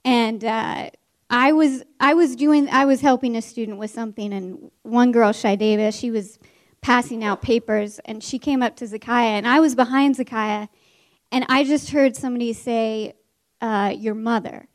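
A woman teacher telling a story from her classroom to an audience, animated and laughing, with many restarts. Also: a little high, moderate pace. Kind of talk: stage storytelling.

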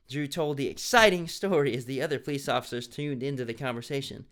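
A man's voice: mid-range voice, quick pace, fairly bright tone. Playful man reading a story aloud. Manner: playful, laughing at the text. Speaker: story reader.

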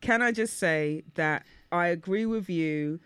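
A woman co-hosting a podcast in casual chat, animated and emphatic, laughing often. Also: lowish voice, measured pace, clean tone, dry recording. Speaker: podcast co-host.

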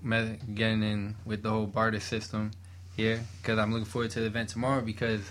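A man's voice: lowish voice, monotone, quick pace, a bit bright, slight background noise. A man from Miami, a handyman guest, talking in a laid-back way with many fillers. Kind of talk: casual interview chat.

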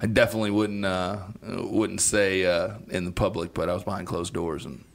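A man's voice: low-pitched, level tone, normal speed, gravelly. A man co-hosting a casual radio chat show, telling stories animatedly and acting out both sides of phone calls. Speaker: co-host. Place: radio studio.

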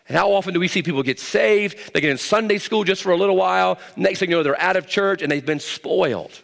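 A man's voice: fairly high pitch, gravelly, fairly bright tone, big-room sound. A male pastor preaching a sermon, with emphatic delivery and folksy storytelling.

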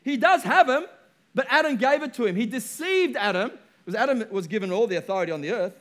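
High-voiced emphatic male pastor. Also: animated, quick pace, fairly bright tone. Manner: emphatic, repeats key phrases. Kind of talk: sermon.

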